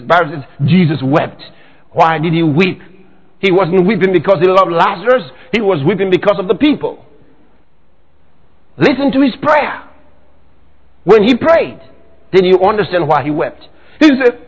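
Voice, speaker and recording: A man preaching a sermon, dramatic, bursting into sudden shouts. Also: high-pitched, big pitch swings, moderate pace, pauses often, long reverb tail, poor audio.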